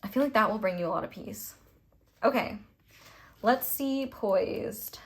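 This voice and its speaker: A woman's voice: mid-range voice, measured pace. Chatty young woman reading tarot. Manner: gushing, rambling, with frequent "like" and some swearing. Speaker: tarot reader. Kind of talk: casual pick-a-card reading.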